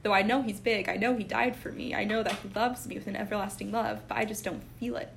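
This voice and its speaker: A woman's voice: mid-range voice, quick pace, gravelly, slight background noise. A young woman sharing in a casual Bible study chat, earnest and full of fillers, getting tearful when moved. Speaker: Bible study group member.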